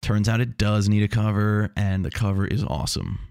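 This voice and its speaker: A man's voice: lowish voice, fairly even intonation, moderate pace, vocal fry, darkish tone, no echo, clean studio sound. A man hosting a casual solo talk, rambling and self-mocking with meandering asides.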